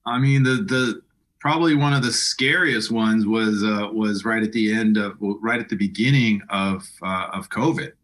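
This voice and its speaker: A middle-aged man with a fairly low voice, chatting as a guest in a casual interview. He stumbles and restarts phrases, doubling words as he gathers his thoughts. His delivery is loose and unpolished. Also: moderate pace, fairly bright tone. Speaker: guest, apartment broker.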